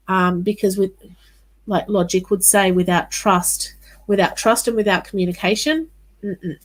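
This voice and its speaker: A woman with a mid-range voice reads psychic cards for live-stream viewers, whom she addresses by name. She sounds casual and reassuring, often stopping with "um" and "all right," and the recording is low quality.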